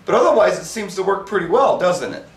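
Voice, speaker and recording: A man's voice: high voice, sing-song, brisk. Chatty man in an echoey room. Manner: chatty, self-narrating while working, mild humor. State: slightly out of breath from lifting. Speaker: mobile DJ demonstrating gear. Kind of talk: casual how-to narration. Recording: echoey room, mic far off, faint hiss.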